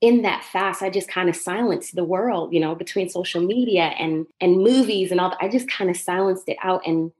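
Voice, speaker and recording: A woman's voice: on the low side, moderate pace, few pauses, a little mellow. A young woman from Jamaica with a Jamaican accent and a slight Southern drawl, sharing her faith testimony as a podcast guest and laughing often between phrases. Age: young adult.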